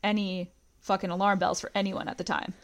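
A woman's voice: mid-range voice, little pitch movement, a little fast. Chatty woman podcast host. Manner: chatty, recounts scenes with quoted lines, frequent "like". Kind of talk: casual podcast recap.

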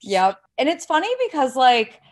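A woman from Ohio chats as a podcast guest, her voice full of vocal fry. She peppers her sentences with "like" and keeps a loose, conversational flow over a plain laptop mic. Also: high voice, expressive, moderate pace. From Ohio, USA. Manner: chatty, lots of "like" fillers. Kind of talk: casual interview chat. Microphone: laptop mic without headphones.

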